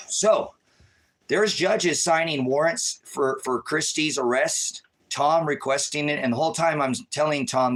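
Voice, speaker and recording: Unhurried yet agitated, a stressed man rambles through a live-stream rant, shifting from loud outbursts to quiet muttering.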